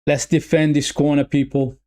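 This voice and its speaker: Fan streamer, male, slightly high voice, excitable and repetitive, addresses viewers as "people". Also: normal speed. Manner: calls the play loosely, repeating himself. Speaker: watch-along streamer. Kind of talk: live football watch-along commentary.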